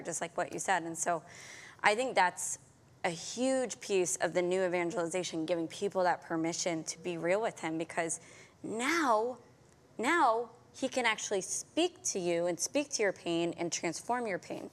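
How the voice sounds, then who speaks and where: A woman's voice: on the low side, normal speed. Earnest, affirming woman host. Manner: earnest, affirming, laughs easily. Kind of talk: conversational faith discussion.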